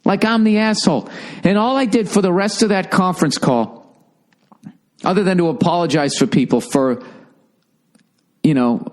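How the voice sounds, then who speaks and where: A man's voice: high voice, normal speed, pauses often. A middle-aged man hosting a podcast, telling a profane, ranting comic story and acting out the quoted exchanges. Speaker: podcast host. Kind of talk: casual comedic monologue.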